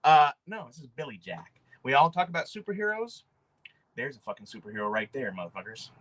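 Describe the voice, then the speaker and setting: A man hosting a casual livestream, talking in an excitable, rambling way and swearing freely. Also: medium pitch, fairly quick. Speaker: livestream host showing custom figures.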